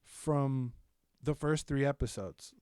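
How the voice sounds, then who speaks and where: A young man co-hosting a podcast, chatting casually about shows with lots of swearing and animated storytelling. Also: medium pitch, slow, clear, resonant tone, dry recording, studio quality. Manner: animated, profane, loud bursts of laughter-filled storytelling. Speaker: podcast co-host. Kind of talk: casual chat, reviewing shows.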